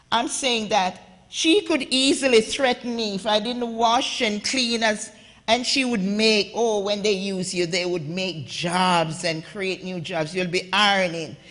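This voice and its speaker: Speaking with a Jamaican accent, a woman from Jamaica delivers a passionate conference talk straight to her audience. Her voice is mid-range and a bit bright. Long reverb fills the echoey hall.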